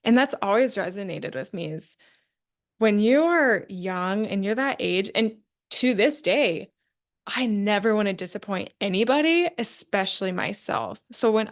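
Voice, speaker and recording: A woman hosting a podcast, asking questions and reflecting earnestly in casual conversation. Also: medium pitch. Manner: earnest, reflective, lots of fillers. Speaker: podcast host. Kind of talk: casual interview chat.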